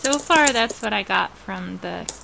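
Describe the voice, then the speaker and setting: A woman's voice: medium pitch, animated, unhurried, creaky, background noise. A woman chatting casually and giggling often while hosting a livestream. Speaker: livestream host, game developer.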